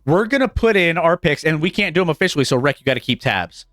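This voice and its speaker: Animated, chuckling male sports host. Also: fairly high pitch, fast, no room sound, studio quality. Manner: animated, chuckles often, stumbles and restarts. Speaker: sports betting show host. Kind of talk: casual sports talk on a live stream.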